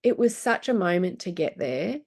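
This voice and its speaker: A woman in her forties speaks as a guest in a casual chat, earnest and emotional. Her voice sits somewhat low, and her sentences break off and restart as she feels her way through the story. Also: sing-song, moderate pace, a little mellow, breathy edge. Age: 40s.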